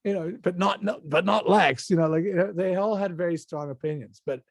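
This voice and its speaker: An older actor, a guest on a casual interview, tells animated stories full of restarts and acted-out quotes from other people. His voice is a little high for a man and fairly quick, and the recording is dry and close with no room sound.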